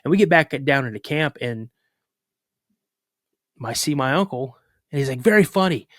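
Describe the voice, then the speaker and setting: Male guest, mid-range voice, lively halting storytelling, dry recording. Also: medium pitch, no room sound. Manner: animated retelling with restarts and acted-out quotes. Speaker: podcast guest, cryptid researcher. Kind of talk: casual personal storytelling.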